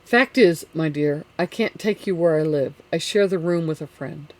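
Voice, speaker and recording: A reader voicing a nervous, excitable young man who asks anxious, rapid questions, in an audiobook. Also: medium pitch, lightly acted. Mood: coaxing. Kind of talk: audiobook character reading.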